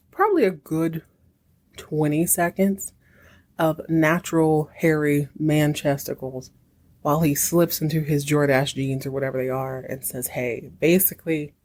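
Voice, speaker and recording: A woman's voice: deep voice, a little mellow. A woman in her thirties hosting a podcast, recapping a TV series in casual chat, wry and chatty. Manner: chatty and wry, acts out characters' lines in quick voices.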